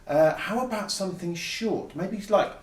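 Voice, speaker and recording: Man, children's music lesson, playful, fairly high voice, roomy echo. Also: normal speed. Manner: cheerful, playful, speaks directly to young kids with questions. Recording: echoey room, mic at a distance.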